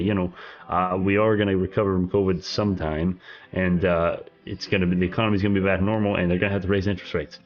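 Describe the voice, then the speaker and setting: A man's voice: on the low side, highs cut off. A young man with a groggy morning voice, chatting casually about the markets on a live stream, rambling and laughing at himself.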